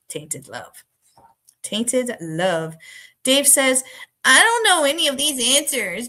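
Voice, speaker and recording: A woman with a bright, forward voice hosts a relaxed live trivia stream. She talks casually with her viewers, reads the answer options slowly and laughs often. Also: lowish voice.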